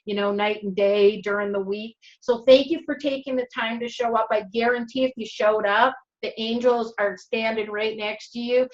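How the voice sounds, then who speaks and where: Host: upbeat high-pitched woman with a Minnesotan accent, chatty and rambling, muffled video-call audio. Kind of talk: casual live-stream chat.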